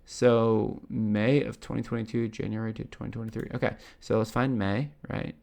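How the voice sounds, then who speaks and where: Gravelly-voiced man with a Canadian accent, chatty. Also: fairly low pitch, fairly even intonation, moderate pace, darkish tone. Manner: chatty, says "right?" constantly, swears casually. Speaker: crypto channel host. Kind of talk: casual screen-share commentary.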